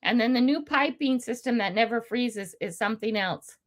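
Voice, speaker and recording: A woman's voice: a little high, normal speed. An older woman hosting a casual livestream from home, chatting in a rambling way, laughing often and answering viewer comments. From United States. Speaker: livestream host. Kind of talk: casual live chat with viewers. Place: at home indoors.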